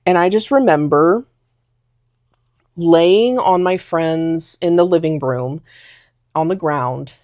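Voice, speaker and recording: A woman's voice: fairly low pitch, slow, pauses often, darkish tone, no echo, clean studio sound. A young woman telling a personal story in a casual talking vlog, rambling with lots of fillers. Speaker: vlogger.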